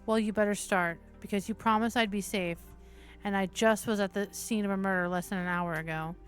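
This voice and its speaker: A woman's voice: medium pitch, fairly quick, faint music behind. A woman hosting a stream who reads a visual novel aloud, with casual, cursing asides between passages. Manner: steady narration broken by casual swearing asides. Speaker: streamer, host.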